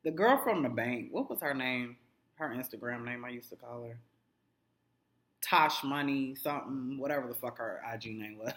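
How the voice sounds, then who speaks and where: Profane, animated TV recap vlogger in an echoey room. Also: male voice, mid-range voice, moderate pace. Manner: animated, swears constantly, acts out characters' lines.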